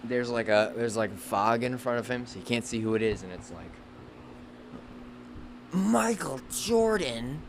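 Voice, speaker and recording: A man's voice: fairly low pitch, steady tone, fairly quick, hardly any pauses, slight background noise. A man in a casual, comedic rant about a movie, rambling, restarting sentences and trailing off. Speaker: movie vlogger.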